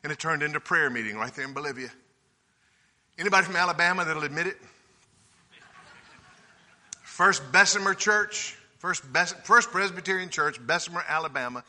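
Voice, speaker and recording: A man preaching a sermon, telling folksy, humorous stories in a lively way. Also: a little high, normal speed, long pauses. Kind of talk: sermon with storytelling. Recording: reverberant hall.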